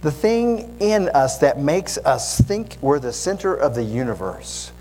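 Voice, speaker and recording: A man's voice: a little high, big pitch swings, unhurried, warm tone, a little hiss or hum, low-quality recording. A man preaching as a guest pastor, candid and self-deprecating, with conversational asides. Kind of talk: sermon.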